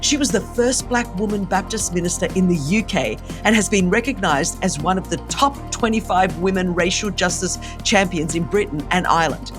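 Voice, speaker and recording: An Australian woman hosting a podcast interview, enthusiastic and gushing. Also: medium pitch. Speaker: podcast host. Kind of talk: casual interview chat.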